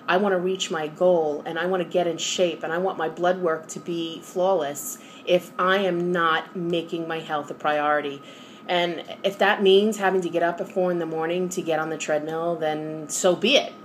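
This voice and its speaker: New york lady vlogging, earnest and upbeat, middle-aged, medium voice, bit of hiss. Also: mid-range voice. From New York area. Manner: candid, earnest and motivational. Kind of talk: personal vlog monologue.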